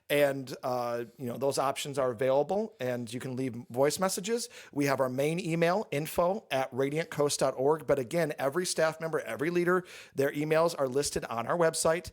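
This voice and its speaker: A man's voice: a little high, brisk, few pauses. A man, a pastor, talking candidly and at length in a casual church question-and-answer session, with the odd dry joke. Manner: candid, joking, explains at length.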